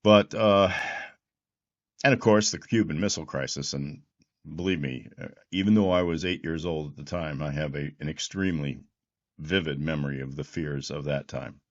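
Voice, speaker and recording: Deep-voiced man in his sixties. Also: normal speed, lo-fi sound. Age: 60s. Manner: rambling, with restarts and repeated words; reflective, history-minded. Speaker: host. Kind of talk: political commentary monologue.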